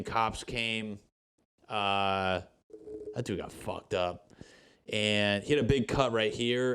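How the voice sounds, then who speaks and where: A young man with a lowish voice tells a story on his podcast, rambling and swearing freely. He slips into the voices of the people in the story as he goes. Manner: profane, rambling, acts out quotes. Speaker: podcast host. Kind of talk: casual storytelling monologue.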